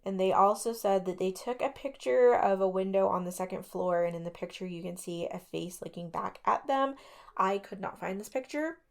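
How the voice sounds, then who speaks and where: A woman's voice: medium pitch, moderate pace, vocal fry. A woman co-hosting a radio talk show, casually retelling ghost stories with lots of fillers and skeptical asides. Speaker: podcast co-host.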